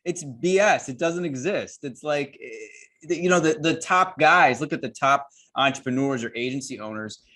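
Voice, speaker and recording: A man's voice: medium pitch, expressive, normal speed, sharp tone. A man hosting an interview, talking emphatically and addressing his listeners as guys. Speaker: host and course creator.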